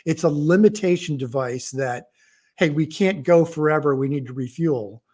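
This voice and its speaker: On a casual livestream chat, a middle-aged author appears as a guest, telling rambling stories and often cutting himself off mid-sentence. His voice is on the high side and darkish in tone, at a normal speed.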